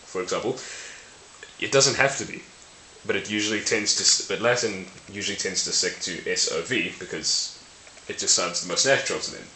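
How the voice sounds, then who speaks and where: Low-ish guy explaining stuff to his camera, playful, keeps fixing his own words, crisp bright tone, echoey room. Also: fairly quick. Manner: playful, self-correcting, laughs at own slips. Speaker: language video host. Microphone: camera mic. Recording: roomy with faint hiss.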